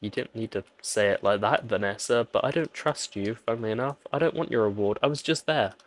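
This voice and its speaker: A man's voice: lowish voice, brisk. A man doing jokey let's-play commentary, pleading with and teasing the characters on screen. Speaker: gaming channel host.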